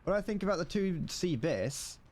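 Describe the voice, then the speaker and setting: Casually chatting with viewers during a tank game stream, this young man rambles, chuckles, and keeps restarting his sentences. His voice sits high with big pitch swings, a bit mellow and a bit fast. He's on a desk mic with headphones.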